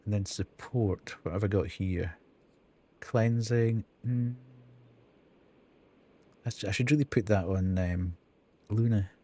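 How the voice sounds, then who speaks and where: Male streamer, slow unhurried talk, lowish voice, thinking aloud over a game menu. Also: warm tone. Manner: thinking aloud, counting and reading out menu items. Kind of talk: casual live gameplay commentary.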